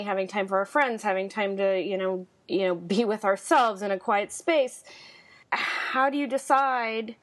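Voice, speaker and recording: A woman hosting a podcast, asking her guest questions in a measured, thoughtful way. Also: mid-range voice. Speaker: podcast host. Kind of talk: casual podcast interview.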